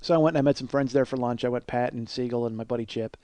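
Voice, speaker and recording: A man's voice: medium pitch, racing, mellow, dry recording. A man telling a long comic story about himself, rambling, self-mocking and profane. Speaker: comedy podcast host. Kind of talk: solo comedic storytelling.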